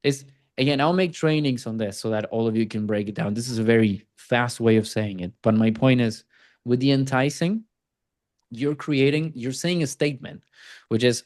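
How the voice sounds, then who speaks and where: A man coaches a sales team over a video call, talking casually at a mid pitch. He slips into short acted-out replies from prospects to make his points. The sound is dry, close and without any room echo. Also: a little mellow. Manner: casual, acts out prospects' replies in quick asides. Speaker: sales trainer.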